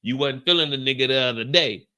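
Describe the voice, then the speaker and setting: A man voicing a hardened young street boss who talks bluntly in a low voice. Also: fast talker, sharp tone, clear, resonant tone, lightly acted. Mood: tough, blunt.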